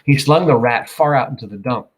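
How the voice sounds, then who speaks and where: A man reading a novel aloud, casual, pausing to correct himself and comment. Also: mid-range voice, rough recording. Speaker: audiobook reader.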